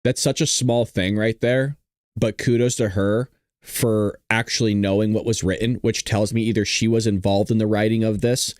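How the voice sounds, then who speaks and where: A man hosting a political commentary show, reacting to a clip with loud, profane, mocking rants. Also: lowish voice, fairly even intonation, normal speed, clean tone, no echo, studio quality.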